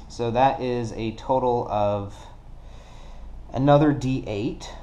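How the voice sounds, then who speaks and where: A board game player with a dark-toned, mid-range voice casually narrates a solo card game play-through. He works things out deliberately and counts dice aloud.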